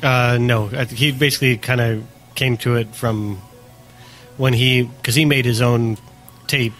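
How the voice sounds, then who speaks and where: A young man from upstate New York, talking in a casual podcast. He recommends movies in an earnest, enthusiastic way, with a voice of middling pitch. Faint music sits underneath. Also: steady tone, unhurried, fairly bright tone. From New York State, outside the city. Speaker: podcast host. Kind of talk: casual chat.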